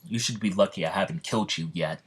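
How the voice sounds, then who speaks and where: A haughty young demon king with a deep voice, put on by a man telling a fan story. He talks down to everyone in a cool, dismissive way. The whole story is told aloud in a plain, unpolished read. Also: fast, slightly rough.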